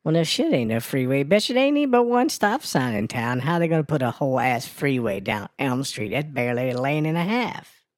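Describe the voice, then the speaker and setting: A man voicing a brash, foul-mouthed woman who reads crude news and weather on a comedy radio show, ranting with a gravelly sass. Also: mid-range voice, big pitch swings, a little fast, no room sound, clean studio sound, lightly acted. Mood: sassy. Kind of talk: comedy radio character bit.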